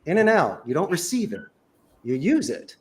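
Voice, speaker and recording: Animated high-voiced man coaching sales. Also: normal speed. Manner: emphatic, punchy, coaching. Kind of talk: energetic advice in a panel chat.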